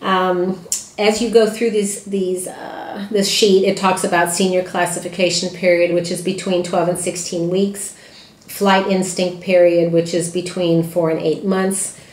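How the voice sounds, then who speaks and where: A woman's voice: on the low side, little pitch movement, unhurried, roomy sound. A woman who trains dogs, giving plainspoken advice to puppy owners with frequent "uh" fillers and restarts. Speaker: dog trainer and breeder. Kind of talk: informal talk to puppy owners.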